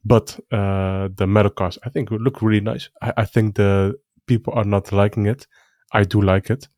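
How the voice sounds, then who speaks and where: A man's voice: fairly low pitch, little pitch movement, normal speed, a little mellow, no echo, clean studio sound. A man co-hosting a casual chat, speaking hesitantly with frequent restarts. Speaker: co-host.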